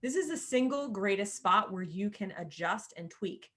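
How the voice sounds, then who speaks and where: A woman's voice: medium pitch, expressive, moderate pace. Woman, chatty tutorial teacher, casual asides, talks straight to viewers. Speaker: course creator teaching sales page design. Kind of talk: screen-share tutorial.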